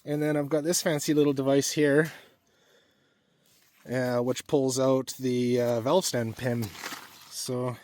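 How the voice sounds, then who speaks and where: A man's voice: medium pitch, little pitch movement, slow, long pauses, a little mellow. A man casually vlogging outdoors in a rainy forest, chatting and laughing often while he works on his truck and drives up a logging road. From Canada. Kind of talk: casual outdoor vlog narration.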